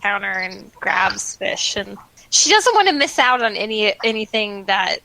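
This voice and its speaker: A woman's voice: mid-range voice, expressive, measured pace, vocal fry, bright, forceful tone, poor audio. A woman playing in a casual tabletop game, eager and playful. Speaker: player.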